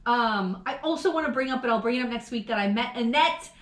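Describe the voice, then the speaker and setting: A woman co-hosting a podcast in casual chat, animated and swearing freely. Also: on the high side, fast talker, echoey room. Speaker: podcast co-host.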